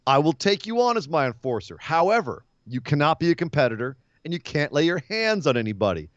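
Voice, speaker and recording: A man impersonating a formal, stern older male wrestling executive, speaking in a measured way. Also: fairly high pitch, very animated, dry recording, muffled recording.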